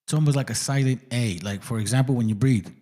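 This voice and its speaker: A man talks loosely on a livestream in a plain mid-range voice. He swears casually and drags out words slowly to demonstrate how they sound. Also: mid-range voice, warm tone. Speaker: co-host explaining a pronunciation.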